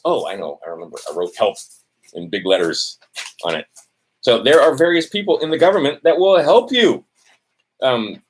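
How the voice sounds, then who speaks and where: A man ranting to camera, swearing often, tossing in "right?" and losing his place in his notes. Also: medium pitch. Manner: profane, testy, repeats "right?". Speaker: vlogger. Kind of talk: heated ranting monologue to camera.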